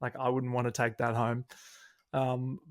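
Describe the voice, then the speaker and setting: An Australian man hosting a podcast, bubbly and energetic and quick to laugh in casual chat. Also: medium pitch. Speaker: podcast host. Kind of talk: casual chat recapping a reality show.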